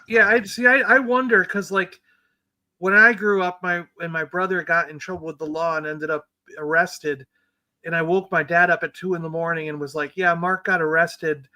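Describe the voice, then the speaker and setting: A man's voice: on the high side, fairly even intonation, normal speed, bright, forceful tone, dry recording, rough recording. A man co-hosting a casual chat, telling a family story and laughing easily. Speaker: podcast co-host. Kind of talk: casual after-show chat.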